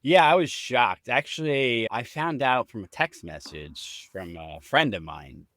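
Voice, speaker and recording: A man who works as a prosthetic makeup artist, chatting in an interview and quoting his own reactions with excitement. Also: medium pitch, unhurried, no echo. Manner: excited, quotes himself. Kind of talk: casual interview chat.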